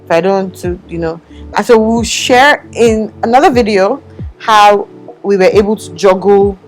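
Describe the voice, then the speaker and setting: A young woman talks to her viewers in a casual vlog. Her storytelling is animated and expressive, with middling pitch. Faint music plays quietly behind her. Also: normal speed. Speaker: vlogger. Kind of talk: casual chat. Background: faint background music.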